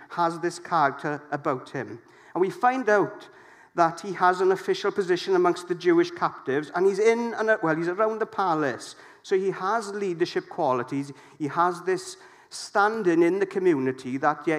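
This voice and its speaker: A middle-aged man preaching a sermon, lively and jokey, putting questions to the congregation. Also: high voice.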